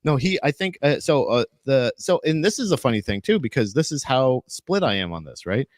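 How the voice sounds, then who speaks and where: A man co-hosting a casual podcast chat, rambling with many restarts and quick asides. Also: medium pitch, sing-song, no echo, clean studio sound. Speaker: podcast co-host.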